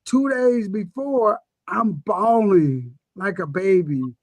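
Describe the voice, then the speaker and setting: Man, high voice, emotional, expressive storyteller, coach in a webinar chat, dry close sound. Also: takes it slowly, dry recording. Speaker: guest speaker and coach. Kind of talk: casual webinar conversation.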